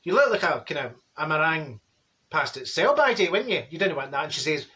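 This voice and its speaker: A man's voice: fairly high pitch, very animated, fairly quick, bright, forceful tone. A man playing a straight-talking, gossipy middle-aged Glasgow woman with a Glaswegian accent, telling a comic monologue. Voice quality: chatty, blunt, gossipy storytelling. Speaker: comedy character monologue.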